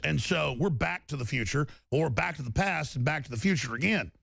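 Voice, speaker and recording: A man's voice: a little high, lively intonation, fairly quick, creaky, a bit bright, no echo. A man hosting a political talk radio show, ranting emphatically and restarting his sentences over and over. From Texas.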